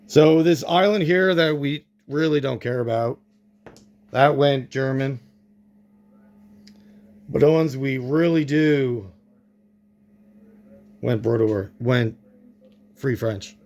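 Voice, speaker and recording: A man's voice: medium pitch, slow, long pauses, darkish tone. A man narrating his own board game play-through, thinking aloud and reacting to dice rolls.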